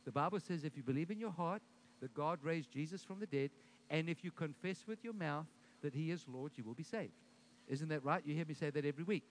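A man preaching a sermon at a church service, telling a story and then leading the congregation in loud, rising declarations, often repeating his first words. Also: fairly high pitch, brisk. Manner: repeats words when starting sentences, builds to loud declarations. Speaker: pastor.

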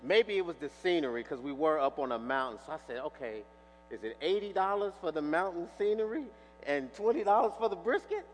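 A man's voice: fairly high pitch, brisk, soft background music. A man preaching a sermon, telling stories and acting out the dialogue with animation. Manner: animated storyteller, acts out dialogue. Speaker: pastor. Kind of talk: sermon with storytelling. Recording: reverberant hall with faint mains hum.

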